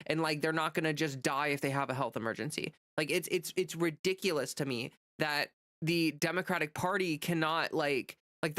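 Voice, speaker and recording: A woman's voice: low-pitched, fairly bright tone, no echo. Woman, streamer, impassioned political rant, many fillers and restarts, exasperated sighs, dry close sound.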